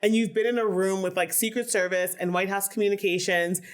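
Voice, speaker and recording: A woman from Philadelphia, a podcast guest talking candidly and casually, with many "like"s and an animated, open way of speaking. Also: medium pitch, a little fast. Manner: candid, animated, heavy use of "like". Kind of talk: casual conversation.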